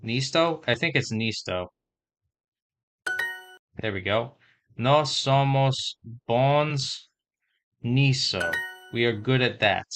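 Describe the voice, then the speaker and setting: A man vlogging casually as he learns a language, slowly sounding out and spelling words and thinking aloud. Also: medium pitch, fairly bright tone.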